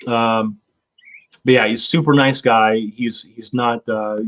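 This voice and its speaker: A man's voice: mid-range voice, steady tone, measured pace, a bit bright. A man in his fifties, hosting a casual chat, rambling with lots of fillers and swearing. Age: 50s. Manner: rambling, profane, with many fillers. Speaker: show host.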